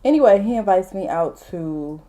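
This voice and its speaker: A woman in her late twenties telling a casual storytime while doing her makeup, blunt, animated and full of profanity. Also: medium pitch, moderate pace, muffled recording. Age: late 20s. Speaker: vlogger.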